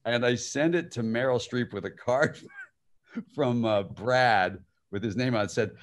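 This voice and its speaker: A man's voice: medium pitch, a little slow. A man, the guest filmmaker and actor, telling anecdotes over a video call and laughing through his stories. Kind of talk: live-streamed conversation.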